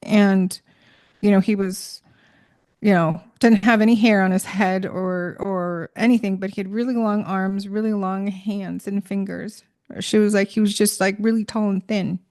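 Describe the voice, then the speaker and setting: A woman's voice: medium pitch, steady tone, normal speed, darkish tone. Woman rambling through a personal story. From Minnesota. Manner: rambling, many fillers and restarts.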